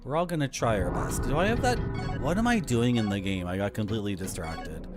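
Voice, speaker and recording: A man's voice: on the low side, expressive, a little fast. A man streaming a video game, chatting casually, swearing and teasing his chat. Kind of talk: casual gameplay commentary. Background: game music.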